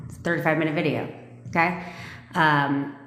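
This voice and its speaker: A low-pitched woman talks straight at her viewers, blunt and emphatic, swearing freely as she coaches them. Her voice rings in an echoey room with a long reverb tail. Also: steady tone, moderate pace, a bit bright. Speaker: manifestation coach. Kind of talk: live-stream coaching talk.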